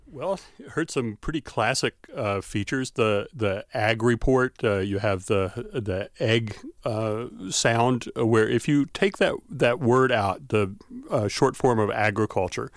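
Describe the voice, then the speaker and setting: A male academic guest on a radio show, thoughtfully explaining with frequent pauses and fillers. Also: medium pitch, no room sound, clean studio sound. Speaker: guest expert, folklore and language scholar.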